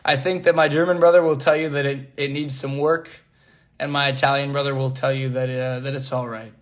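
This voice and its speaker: A young man with a mid-pitched voice chats easily on a phone livestream, answering fans as he goes. He reads comments aloud and laughs often. He slips from one language to another without a pause. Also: flat delivery. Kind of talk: casual livestream chat.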